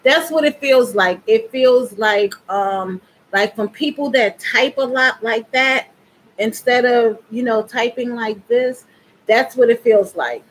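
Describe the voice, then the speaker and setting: Woman vlogger, fairly high voice, unhurried chatty delivery, talks straight to camera. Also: slight background noise, rough recording. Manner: chatty, addresses viewers directly. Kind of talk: casual vlog chat.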